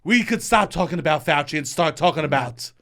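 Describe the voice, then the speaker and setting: A man's voice: a little high, brisk, vocal fry. A young man from Staten Island, co-hosting a casual comedic podcast and acting out family scenes as he tells stories. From Staten Island, New York. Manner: animated storyteller, acts out family voices. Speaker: podcast co-host.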